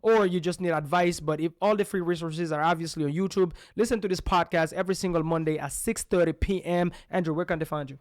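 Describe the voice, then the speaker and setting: Male podcast host, high bright voice, dry close sound, hype-style delivery. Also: fairly even intonation, fast talker, hardly any pauses, no room sound. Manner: hype-driven, repeated "boom" catchphrase. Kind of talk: energetic podcast chat.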